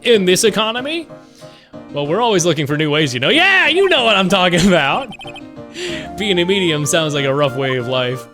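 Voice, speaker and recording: A man streaming a game, reading the dialogue aloud and cracking jokes, swearing and yelling now and then. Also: on the high side, big pitch swings, fairly quick, long pauses, music in the background. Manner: playful, joking, swears and yells.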